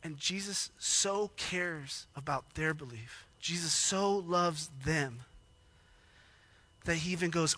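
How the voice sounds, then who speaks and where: Bright, high-voiced man preaching with passion. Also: slow pace, husky, dry recording. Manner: animated, emotional preaching with loud dramatized quotes. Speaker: pastor. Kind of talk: sermon.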